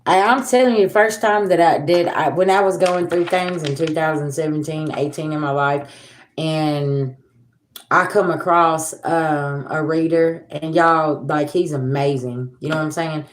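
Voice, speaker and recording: A woman's voice: sits low, measured pace, roomy sound. A woman, hosting a casual tarot livestream and talking bluntly to viewers, swearing freely and with sass. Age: 40s. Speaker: tarot reader and livestream host.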